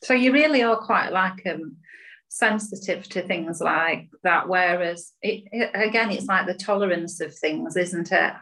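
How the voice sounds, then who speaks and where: A woman guest in a conversational interview, speaking gently and reflectively and often ending with tag questions. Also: fairly low pitch, measured pace, rough recording.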